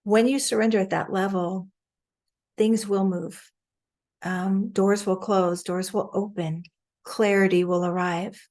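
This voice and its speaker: A woman's voice: mid-range voice, steady tone, a little slow, a little mellow. A woman teaching spirituality in a casual, earnest talk over a video call. She often laughs and grows emotional as she talks.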